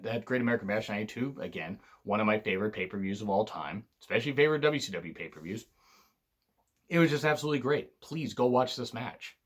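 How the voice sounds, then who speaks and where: A tired man hosting a casual wrestling countdown, rambling, swearing freely and often clearing his throat. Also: medium pitch. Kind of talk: casual spoken countdown commentary.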